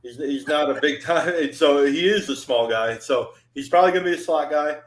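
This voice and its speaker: A man's voice: fairly high pitch, a little fast. Man musing on football in an echoey room. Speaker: guest panelist. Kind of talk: casual football chat.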